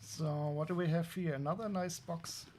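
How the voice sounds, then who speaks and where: A man with a German accent talks casually on a live stream, and his voice sits a little higher than most men's. He rambles wryly, restarting his sentences and filling gaps with uh and um as he unpacks boxes. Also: fairly even intonation, moderate pace, a little mellow, slight background noise. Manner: wry, rambling, many restarts and fillers. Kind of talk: casual live-stream chat while unboxing.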